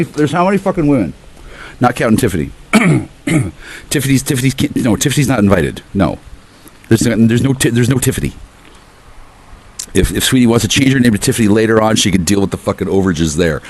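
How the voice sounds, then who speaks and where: A man ranting on his porch in a rambling, profane monologue that veers between loud outbursts and quiet muttering. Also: fairly low pitch. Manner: profane, erratic, shifts between ranting and murmuring. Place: outdoors on a porch.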